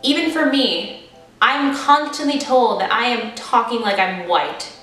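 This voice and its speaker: A woman's voice: fairly high pitch, a little slow, a bit bright, recorded from a distance. Chatty American woman in an echoey room. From United States. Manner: candid, chatty, self-deprecating. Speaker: vlogger. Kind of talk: casual storytelling to camera. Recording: echoey room, voice off-mic, faint music. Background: faint background music.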